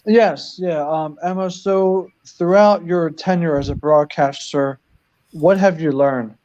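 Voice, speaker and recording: A man co-hosts a sports radio show and puts deliberate questions to the guest. He speaks very slowly. His voice comes through a dull, lo-fi line. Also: a little high, a little mellow. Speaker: radio co-host.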